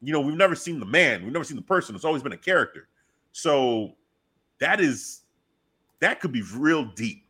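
A man in casual podcast chat, excitedly retelling a wrestling segment and acting out his own reactions. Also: fairly high pitch, moderate pace, husky.

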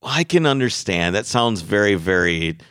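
A man's voice: on the low side, lively intonation, normal speed, fairly bright tone, smooth, dry recording, studio quality. A man co-hosting a podcast, chatting casually and animatedly and laughing easily. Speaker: podcast co-host. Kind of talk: casual chat.

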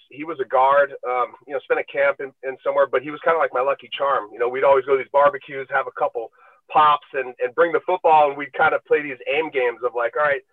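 A man's voice: fairly high pitch, dry recording. A man in his forties, a former football player, telling laid-back, rambling stories with many fillers, joining over a call from a bus. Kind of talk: casual storytelling. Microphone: remote call. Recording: dry, tinny call line.

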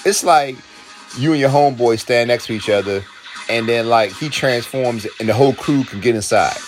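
A man giving an excited, emotional reaction commentary while watching a film. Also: mid-range voice, moderate pace, over music. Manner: emotional, exclaiming, laughing often. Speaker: reaction video host.

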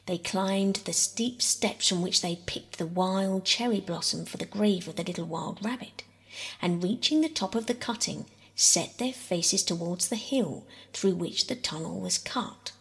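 A woman reading a classic children's story aloud as a soft bedtime audiobook, often half-whispering. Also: on the low side, a little slow, vocal fry, husky. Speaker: audiobook narrator.

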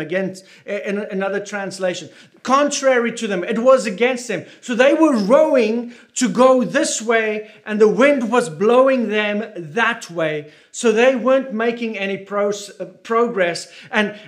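Very high-voiced man preaching a sermon. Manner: emphatic, repeats key phrases, asks the listeners questions.

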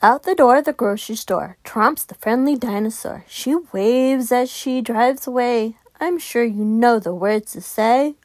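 A woman reading a children's picture book aloud as host of her podcast, expressive and sing-song. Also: a little high, a little slow, hardly any pauses, no room sound, clean studio sound. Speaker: children's story reader.

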